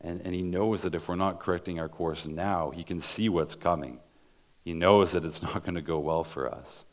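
A male preacher delivers a sermon in a very low voice. He talks earnestly, reads verses aloud and often doubles back on his words as he explains them. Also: moderate pace.

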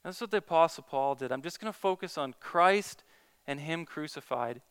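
A man's voice: on the high side, expressive, normal speed, fairly bright tone, clear, resonant tone. A man who is a Christian evangelist, earnestly telling a story in a casual talk, with many restarts.

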